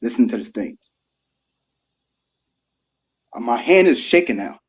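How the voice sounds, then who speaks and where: A man's voice: medium pitch, big pitch swings, a little slow. A man of thirty speaking earnestly and with feeling, his voice rising as he pleads his case. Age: 30s. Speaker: guest speaker on a live stream. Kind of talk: emotional live-stream monologue. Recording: muffled live-stream audio.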